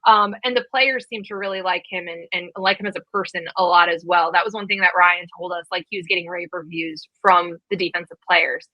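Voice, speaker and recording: A woman in her thirties co-hosting a college football podcast, talking fast and casually with lots of fillers. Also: lowish voice, steady tone, dry recording, highs cut off. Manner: quick, chatty, many fillers. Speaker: podcast co-host. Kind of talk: casual sports chat.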